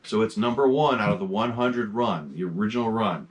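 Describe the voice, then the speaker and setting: A man's voice: lowish voice, fairly quick. A man hosting a horror mask collection vlog, chatting casually from a desk in his home mask room, enthusiastic and rambling with lots of fillers.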